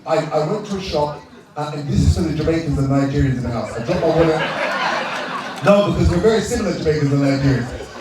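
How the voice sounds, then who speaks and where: A British man hosting an awards night who jokes with the audience, laughs often and shouts out to the room. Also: on the high side, quick pace. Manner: joking, laughing, shouting out to the crowd. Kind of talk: live crowd-work emcee banter. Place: large indoor event hall with a live crowd. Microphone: handheld microphone. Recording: echoey hall, distant mic, crowd noise.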